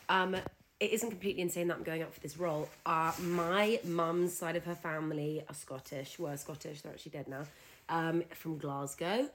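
Young woman vlogger, low-ish voice, nervous, candid, casual swearing. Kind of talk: casual chat to camera.

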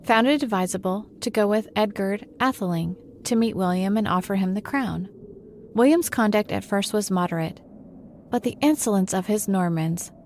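A woman's voice: mid-range voice, normal speed, a little mellow, a little hiss or hum, natural voice. A woman voicing a self-important male mouse in a storybook reading, who lectures in a dry, pompous way. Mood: cross.

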